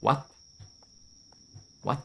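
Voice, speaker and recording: A man's voice: drawn-out words, sharp tone, a little hiss or hum. A young man streaming a horror game with casual, jokey, rambling commentary, swearing and laughing often.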